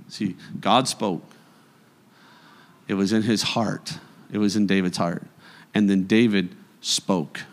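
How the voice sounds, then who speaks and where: A man preaching a sermon as pastor in a church, moving between emphatic bursts and quiet reflection. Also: fairly low pitch, big-room sound.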